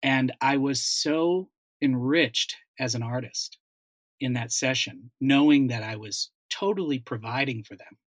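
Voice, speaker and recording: A man's voice: mid-range voice, a little slow, no echo. A man, a dialect coach and voice actor, telling a story in a casual panel chat, with many restarts.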